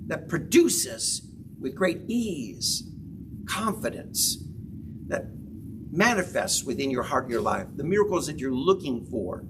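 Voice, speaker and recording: A man preaching a sermon as pastor, with dramatic swings in pitch and loudness and emphatic repetition. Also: sing-song, unhurried. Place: church sanctuary. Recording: distant mic with background noise.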